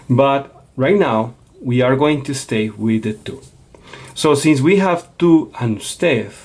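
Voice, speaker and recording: A man's voice: mid-range voice, vocal fry, darkish tone, husky. A man teaching a Spanish lesson, explaining patiently and checking in with a frequent "okay?". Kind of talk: classroom lecture.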